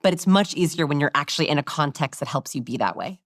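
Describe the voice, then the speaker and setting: A woman in an interview, explaining body language in an animated, demonstrative way. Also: deep voice, quick pace, no echo, clean studio sound. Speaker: guest expert on body language.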